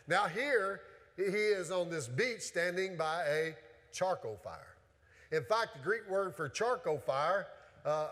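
A man preaching a sermon from the pulpit, earnest and searching, circling back on his words with questions for the congregation. His voice sits a little high for a man and rings out through a church with a long, lingering reverb. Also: fairly bright tone. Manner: earnest, with frequent restarts and rhetorical questions. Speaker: pastor. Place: church sanctuary.

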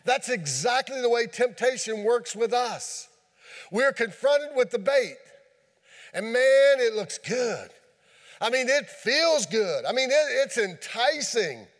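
A man with a high, light voice preaches a folksy sermon in a large hall, and the long reverb hangs after his words. He tells homely stories with animated sound effects. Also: measured pace.

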